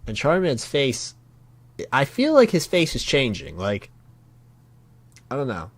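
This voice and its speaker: A man reacting live to a comic chapter, reading panels aloud and thinking out loud in a casual way with sudden swearing. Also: mid-range voice, wildly swooping pitch, unhurried. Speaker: manga reaction streamer.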